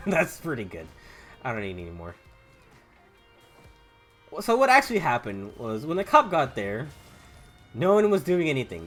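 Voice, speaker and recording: A young man with a Southern US accent, rambling and stammering through restarts as he comments while gaming. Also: medium pitch. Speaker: gaming YouTuber. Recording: faint game music behind.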